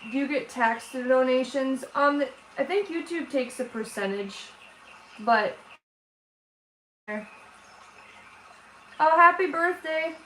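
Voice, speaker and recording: A tearful woman chats with her livestream viewers in a fairly high voice. Her speech is halting and emotional, full of restarts. The room sounds echoey, with a faint hiss of background noise. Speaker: artist hosting a livestream. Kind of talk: casual livestream chat with viewers.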